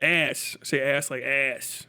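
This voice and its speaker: A man's voice: medium pitch, fairly even intonation, takes it slowly, pushed and bright, smooth. A man from Cincinnati, streaming live and chatting casually, rambling and swearing as he riffs on regional accents. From Cincinnati, USA. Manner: profane, rambling, laughs through riffs on accents.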